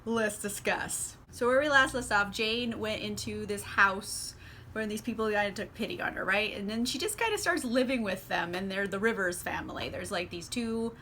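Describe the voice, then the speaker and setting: A woman's voice: medium pitch, normal speed, sharp tone, slight background noise. A young woman vlogging about a book over wine, in a chatty, sarcastic manner full of "like". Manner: chatty and sarcastic, heavy use of "like"; drinking wine while talking. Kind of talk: casual chat.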